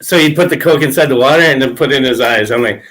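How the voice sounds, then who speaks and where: A man's voice: medium pitch, fast, a bit bright, a little hiss or hum. A man hosting a podcast, telling crude stories in casual chat and laughing often. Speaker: podcast host.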